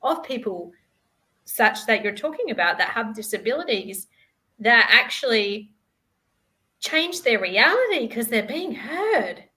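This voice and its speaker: A woman's voice: on the high side, sing-song, measured pace, sharp tone. A woman with an Australian accent, a spiritual teacher speaking as a podcast guest in an eager, enthusiastic way. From Adelaide, Australia. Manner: eager, enthusiastic, many affirming murmurs. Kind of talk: casual chat.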